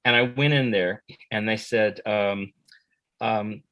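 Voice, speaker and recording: An American actor talks through his career in a relaxed, rambling interview. His voice sits fairly low, and he loses his thread with fillers and restarts, often breaking into a laugh. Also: slow pace, low-quality recording. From United States. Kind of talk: casual interview answers.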